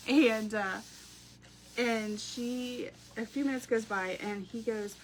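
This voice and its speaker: This woman runs a craft live stream from her home, chatting with viewers, sharing stories and laughing a lot. She has a medium-pitched voice at a moderate pace, with a little background noise.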